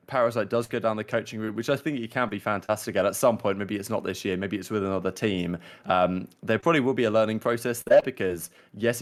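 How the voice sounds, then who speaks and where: A young man co-hosting a casual esports podcast, rambling and thinking aloud with lots of fillers. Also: fairly low pitch. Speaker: podcast co-host. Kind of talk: casual esports talk show chat.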